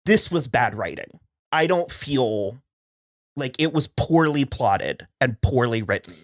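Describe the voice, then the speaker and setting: A man's voice: medium pitch, lively intonation, takes it slowly, dry recording, clean studio sound. A man co-hosting a casual TV recap podcast, frank and exasperated, often restarting his sentences. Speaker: podcast co-host.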